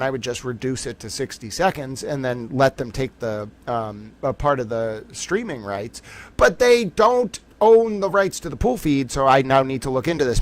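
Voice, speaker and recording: A man hosting a livestream of a trial, talking casually to his viewers in a rambling, jokey, self-mocking way. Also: a little high. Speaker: livestream host commenting on a trial.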